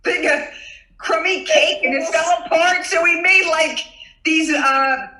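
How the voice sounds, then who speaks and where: A woman's voice: extremely high pitch, measured pace. An older woman and former college basketball player, telling stories with a lot of laughter. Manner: laughing, animated storyteller. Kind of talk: reminiscing conversation. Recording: roomy echo.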